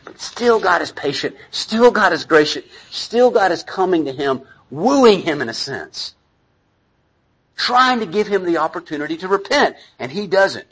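Husky-voiced man preaching conversationally. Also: high voice, very animated, measured pace, a bit bright, low-quality recording. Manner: conversational, self-deprecating preaching with asides to the congregation. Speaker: pastor. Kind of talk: sermon.

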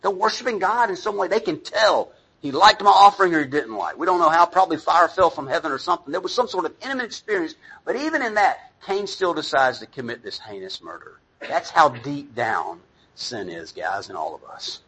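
Middle-aged male preacher with a slightly high, husky voice; talks to the congregation in an informal, self-deprecating way. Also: animated, a little fast, bright, forceful tone, low-quality recording. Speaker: pastor. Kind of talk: sermon.

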